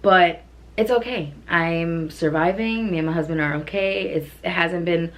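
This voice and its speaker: Woman, vlogger, casual gushing chat, lots of fillers, lowish pitch. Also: moderate pace. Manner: gushing, chatty, with frequent "like" and "literally".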